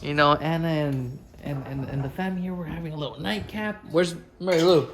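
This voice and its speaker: A man's voice: fairly high pitch, brisk, gravelly, few pauses. A man filming a casual family vlog, chatting to the camera as he walks around a rural house and backyard. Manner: chatty, talks to the camera while walking around. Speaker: family vlogger, father.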